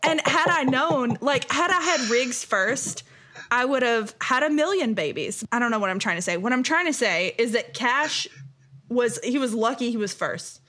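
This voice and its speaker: Woman, 30s, podcast co-host, bright-pitched and chatty, easy laughter. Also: expressive, normal speed. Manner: chatty, laughs often, filler-heavy "like". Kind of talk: casual podcast chat.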